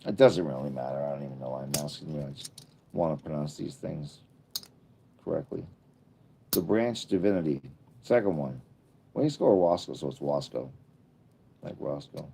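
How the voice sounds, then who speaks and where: This is a man in his fifties hosting a casual livestream. His voice sits low, with a mellow, unforced tone. He rambles easily between comments, tossing in jokey asides as he goes. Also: moderate pace, creaky, long pauses, a little hiss or hum. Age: 50s. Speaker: livestream host.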